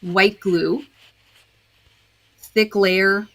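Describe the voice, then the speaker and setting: Drawing out her words in a steady, medium-pitched voice, a disc dyer guesting on a podcast explains how she dyes, one step at a time. The conversation is casual, and she fills it with frequent fillers.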